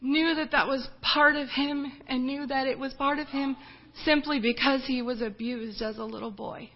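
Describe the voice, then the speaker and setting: A woman missionary giving an earnest, emotional personal testimony, often halting and restarting as she speaks. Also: sits high, steady tone, lo-fi sound.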